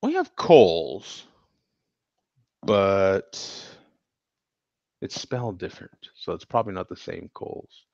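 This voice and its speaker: A man from the United States hosting a casual chat show, reacting to viewer comments with frequent laughs and animated exclamations. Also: low voice, slow, vocal fry, pauses often, dry recording. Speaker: show host. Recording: dull, dry lo-fi sound.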